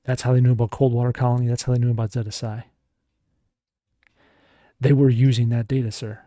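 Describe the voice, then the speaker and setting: A man's voice: medium pitch, level tone, a little fast, dark tone, no room sound, studio quality, close to an everyday voice. A man voicing a male starship commander who presses with questions and reasons things out. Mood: pressing.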